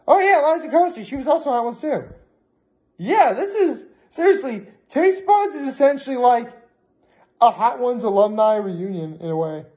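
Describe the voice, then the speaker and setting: Rambling, chatty young man with a mellow voice. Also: extremely high pitch, expressive, normal speed. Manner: rambling, chatty, self-interrupting. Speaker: vlogger. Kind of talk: casual vlog chat.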